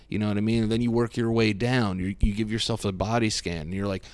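A man's voice: fairly low pitch, flat delivery, fast talker, few pauses, clean tone, no echo. A young man hosting a comedy podcast, ranting in a self-deprecating, mock-wounded way with plenty of swearing. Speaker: podcast host.

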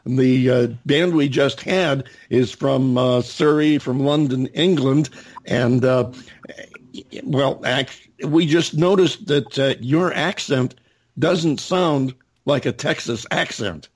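Husky-voiced male podcast host. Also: medium pitch, slow, darkish tone. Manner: hesitant, many fillers and restarts. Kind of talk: casual interview.

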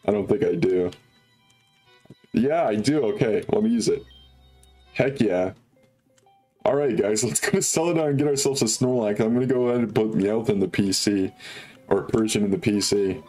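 A man's voice: fairly low pitch, normal speed, pauses often, darkish tone, faint music behind. A young man hosting a video game let's play, chatting casually and upbeat with viewers, full of fillers. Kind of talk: casual gameplay commentary.

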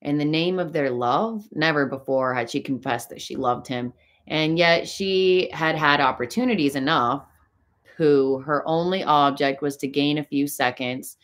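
A woman reading a classic novel aloud as an audiobook, in an expressive, dramatic way. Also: sits low, measured pace. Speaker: audiobook narrator.

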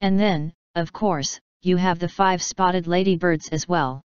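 Woman reading as a polite storybook ladybird, prim and refined, lower voice, very clear, dry slightly dull recording. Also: fairly even intonation, unhurried, dry recording, natural voice. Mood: genteel. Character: genteel, modest female ladybird, proud of her nine spots.

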